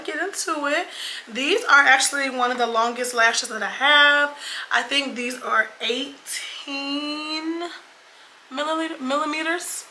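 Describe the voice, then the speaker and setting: Bright-voiced chatty young woman vlogger. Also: high voice, a little hiss or hum. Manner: chatty, swears freely, addresses viewers as y'all and girl. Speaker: beauty vlogger. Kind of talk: casual get-ready-with-me storytime. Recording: echoey room with faint ambience.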